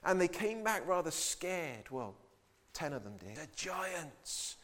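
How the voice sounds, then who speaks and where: Guy preaching a sermon, fairly high voice, acts out the bible characters. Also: very animated, a little slow, fairly bright tone. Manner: voices biblical figures in quoted speech, emphatic.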